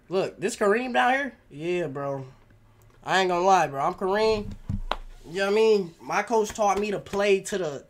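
High-pitched guy hyping up over old hoops clips, slangy and excitable, loud music under him. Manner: excitable, slangy, keeps asking "you know what I mean". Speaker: basketball reaction video host. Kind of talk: casual reaction commentary.

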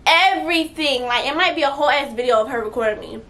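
A young adult woman telling a story on her vlog, blunt, profane and animated, her voice swinging louder at times. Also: high-pitched, fast talker. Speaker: vlogger.

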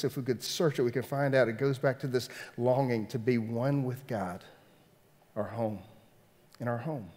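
A Southern-accented pastor in mid-life delivers his sermon in a loose, conversational way. His voice sits at a middle pitch, stumbling over restarts and circling back on phrases for emphasis. A long reverb from a large church hall trails each line. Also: darkish tone. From Southern United States.

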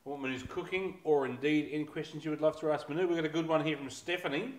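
A man, a co-host reading out viewer questions in a relaxed, jokey way. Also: on the high side, quick pace, very noisy.

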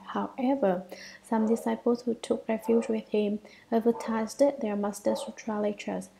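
A woman reading a Buddhist sutra commentary aloud in a measured way, at times half-whispered, with small restarts. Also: medium pitch, gravelly, dark tone, low-quality recording.

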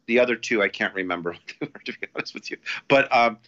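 Low-voiced guy rambling through a story, lots of restarts, kinda dull lo-fi sound. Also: quick pace. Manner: rambling, many restarts, animated when quoting. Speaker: podcast guest. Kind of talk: casual storytelling. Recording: dull lo-fi audio.

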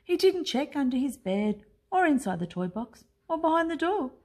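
A woman teacher reading a children's picture book aloud in an expressive, unhurried way. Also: sits high. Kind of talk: storybook read-aloud.

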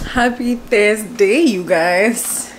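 A woman in her twenties, a vlogger telling a story at home in a lively, chatty way, laughing often and filling her talk with "like". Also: medium pitch, a little hiss or hum. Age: 20s. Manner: animated, laughing, lots of "like" fillers. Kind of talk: casual storytelling vlog. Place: home, indoors.

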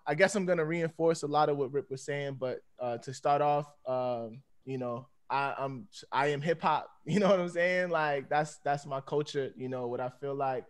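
A man in his thirties talking casually on a panel over a video call, rambling and laid-back and laughing often. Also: mid-range voice. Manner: laid-back, rambling, peppered with "you know what I'm saying". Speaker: dancer on a panel.

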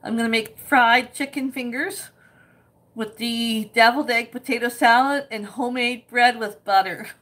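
A woman hosting a casual cooking livestream, reading viewer comments aloud, chatty and quick to laugh. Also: fairly high pitch, fairly even intonation, a bit bright.

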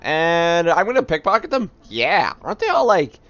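Casual male gamer host, animated and jokey, slightly muffled mic. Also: fairly high pitch, moderate pace. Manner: chatty, joking, self-mocking. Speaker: let's-play host. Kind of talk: casual gaming commentary.

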